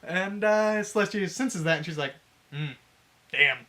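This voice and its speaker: Brief: male co-host, bright and somewhat high voice, laughing, profane, acts out quotes in casual chat. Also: normal speed. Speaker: podcast co-host. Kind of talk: casual chat retelling a fanfic.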